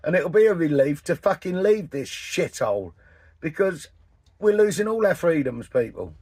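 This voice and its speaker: A man in his sixties, from England, ranting in a casual vlog, blunt and full of swearing, with a husky voice. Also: a little high, very animated, normal speed, a little mellow, no room sound. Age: 60s. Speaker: vanlife vlogger. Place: in and around a camper van, partly outdoors.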